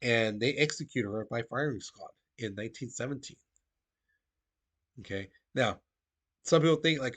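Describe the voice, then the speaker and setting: A man giving a recorded history lesson in a casual, conversational way. His voice sits at an ordinary middle pitch, and he keeps checking in with his students as he goes. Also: normal speed, long pauses. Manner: casual, conversational, peppered with "okay?" and "the thing is". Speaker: teacher.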